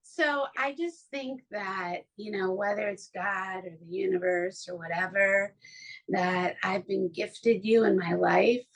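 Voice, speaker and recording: Her mid-range voice is slow and steady with vocal fry, captured on poor audio. She's a podcast host working from a home studio, chatting casually in an effusive, emotional way and restarting often.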